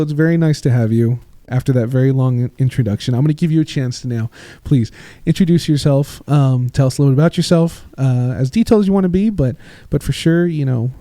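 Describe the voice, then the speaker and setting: A man's voice: warm tone, dry recording. A man hosting a podcast interview in a casual, chatty way, telling stories and acting out quoted lines. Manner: chatty, storytelling, acts out quotes with rising pitch. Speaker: podcast host.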